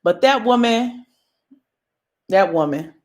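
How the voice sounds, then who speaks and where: A woman's voice: mid-range voice, expressive, takes it slowly. A young woman hosting a casual motivational talk to her viewers, emphatic and bold like a preacher. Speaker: host.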